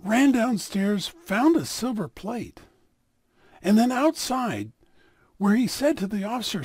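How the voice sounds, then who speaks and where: A man telling a story aloud in an animated, dramatic way. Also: sits high, takes it slowly, husky, no echo, studio quality. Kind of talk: oral storytelling.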